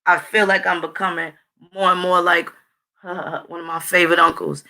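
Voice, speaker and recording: A woman runs her own channel, talking to viewers in a blunt, foul-mouthed, casual monologue. Her voice is on the low side with little pitch movement, a moderate pace, and a creaky yet bright, forceful tone.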